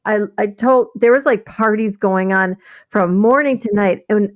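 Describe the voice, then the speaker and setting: A middle-aged woman from Wisconsin in the American Midwest co-hosts a casual stream, telling rambling stories with laughs and restarts. Her voice is medium-pitched and measured, and the sound is lo-fi with no echo.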